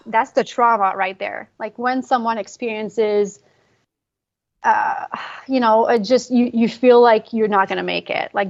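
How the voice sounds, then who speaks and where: A woman guest on a podcast, a fitness coach, telling a personal story in a fast, emotional way with many fillers. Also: on the high side, creaky, dull audio. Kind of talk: conversational podcast interview.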